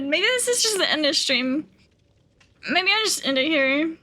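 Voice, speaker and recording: A woman's voice: high-pitched, sing-song, normal speed, sharp tone. A young woman streaming a game live, chatting casually, swearing freely and laughing a lot.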